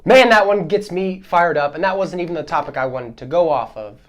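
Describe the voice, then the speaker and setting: A man alone on his podcast rants in a heated, exasperated way, swinging between loud outbursts and quieter asides. His voice sits on the high side and he talks briskly.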